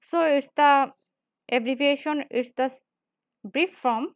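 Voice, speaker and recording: High-pitched female grammar teacher, repetitive lecture delivery, dry recording. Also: dry recording. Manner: repetitive, explains slowly with frequent "right?". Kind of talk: classroom lecture.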